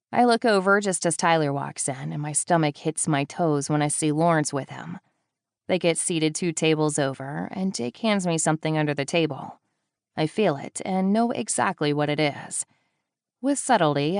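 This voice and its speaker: A woman reading a first-person thriller in a low, even voice, slipping in wry, deadpan asides. The recording is close and completely dry, with no room around her. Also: creaky, smooth, no echo. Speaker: audiobook narrator. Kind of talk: first-person audiobook narration.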